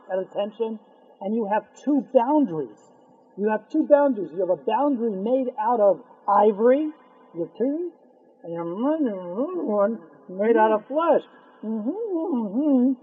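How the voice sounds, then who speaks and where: A man teaching a religious class to men, telling a story with animated humor. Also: very high-pitched, breathy edge, dry recording. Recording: tinny phone-like line.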